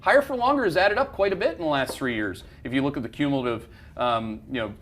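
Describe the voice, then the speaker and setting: With a medium-pitched, fairly bright voice, this man talks fast and expressively as the investment firm CEO hosting a market show. He rants heatedly and bluntly through charts, cursing and repeatedly starting his sentences over.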